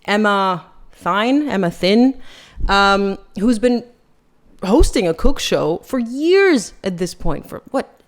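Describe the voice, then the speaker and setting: Woman, podcast host, casual commentary, sarcastic, critical, mid-pitched voice. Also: clean tone.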